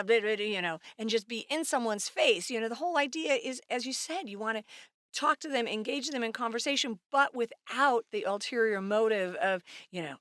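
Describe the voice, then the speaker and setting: A woman co-hosting a podcast in casual chat, animated and acting out little scenes in quoted voices. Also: on the high side, brisk, no room sound, studio quality. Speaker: podcast co-host.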